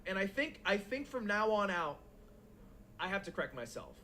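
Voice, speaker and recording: Animated man telling a story. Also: sits high, moderate pace, slight background noise. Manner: animated, laughing, with quoted voices. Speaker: podcast co-host. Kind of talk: casual storytelling chat.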